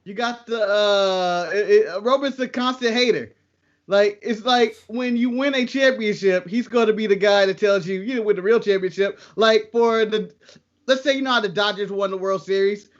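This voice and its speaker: A man's voice: high-pitched, normal speed, lo-fi sound. A man co-hosting a casual wrestling podcast, joking around and laughing often. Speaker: podcast co-host.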